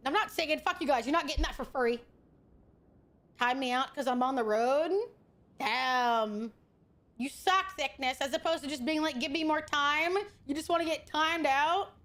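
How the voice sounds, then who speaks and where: A woman streamer chatting casually with her viewers, excitable and swearing a lot, with loud outbursts. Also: high voice. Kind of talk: casual live-stream chat.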